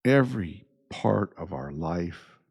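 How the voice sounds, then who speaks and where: Male podcast host, dark and mellow voice, reflective solo talk that circles back through rhetorical questions. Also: low voice, expressive, creaky, husky. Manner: unhurried, repeats points with rhetorical questions. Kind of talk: reflective monologue.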